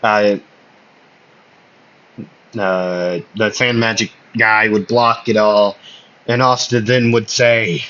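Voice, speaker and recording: A man's voice: fairly low pitch, fairly even intonation, takes it slowly, pauses often, sharp tone, clean tone. A man casually telling an anime fan story, rambling and hesitant, with many fillers and self-corrections, on a slightly muffled recording. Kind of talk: casual spoken fan fiction.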